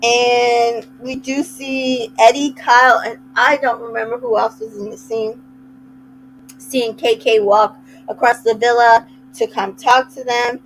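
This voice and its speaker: Slow-talking chatty woman recapping. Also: a little high, fairly even intonation, a little hiss or hum, low-quality recording. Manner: chatty, retells scenes with quoted asides. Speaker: recap host. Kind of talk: casual recap chat.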